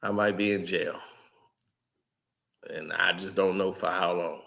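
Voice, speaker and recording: A man's voice: low voice, steady tone, measured pace, gravelly, fairly bright tone. Angry man ranting on a stream. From Chicago, USA. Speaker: sports commentary streamer. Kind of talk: angry live-stream rant.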